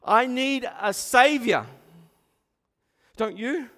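Impassioned high-voiced male preacher. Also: animated, very slow. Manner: impassioned, swings from hushed to loud. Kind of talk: sermon. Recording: long hall reverb.

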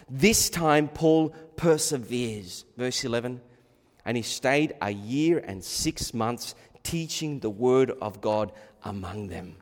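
Slow, fervent preacher in an echoing hall. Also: male voice, mid-range voice. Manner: swings from quiet musing to loud fervent exhortation. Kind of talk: expository sermon.

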